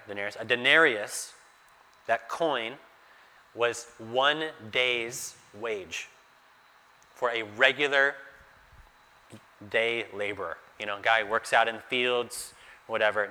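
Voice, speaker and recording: Slow, bright-voiced preacher in a hall. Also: male voice, medium pitch, smooth. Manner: conversational, asks the listeners rhetorical questions. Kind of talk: sermon teaching through a Bible passage. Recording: echoey hall with long reverb.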